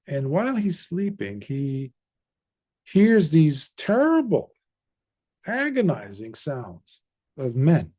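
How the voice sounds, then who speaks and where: Slow, animated monk telling a story. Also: male voice, medium pitch, husky. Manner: animated, conversational storytelling with asides. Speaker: Buddhist monk. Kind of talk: storytelling dharma talk.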